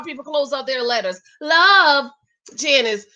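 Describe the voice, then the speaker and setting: A woman's voice: on the high side, sing-song, normal speed, fairly bright tone. A middle-aged woman giving sassy, exclamatory commentary while reacting to a reality show and talking straight to her viewers. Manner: sassy, exclamatory, talks to viewers as "child" and "ladies". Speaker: reaction video host.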